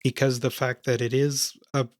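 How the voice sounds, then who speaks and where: A man hosting a casual podcast, asking questions in a hesitant, halting way. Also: medium pitch, little pitch movement, no echo.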